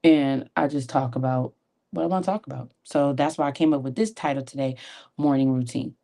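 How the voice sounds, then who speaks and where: Low, warm-voiced woman chatting at her vanity. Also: a little fast, gravelly. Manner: animated and encouraging, folksy asides. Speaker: beauty vlogger and sales consultant. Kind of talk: chatty motivational talk while doing makeup. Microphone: tablet camera at her vanity.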